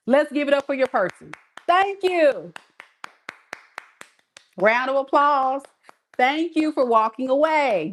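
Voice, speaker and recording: A woman putting on a shrill mock-grateful voice. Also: exaggerated voice. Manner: mock-grateful, exaggerated applause. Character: sarcastic zodiac listener mocking an absent lover, woman.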